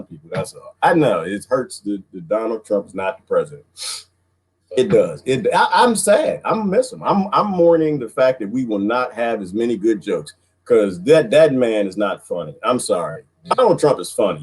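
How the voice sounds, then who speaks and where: A man hosting a casual livestream chat, animated, often jumping into high-pitched bits and laughing as he talks to viewers. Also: slightly rough. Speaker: livestream host.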